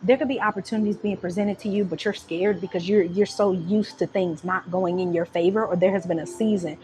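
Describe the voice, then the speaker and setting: A woman reads tarot in a loose, animated monologue, full of slang and swearing. Her voice sits in a middle pitch range. A constant background noise hums under the home recording. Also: fairly quick. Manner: animated, slangy and profane, breaks into laughs and sung lines. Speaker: tarot reader. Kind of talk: casual tarot reading monologue.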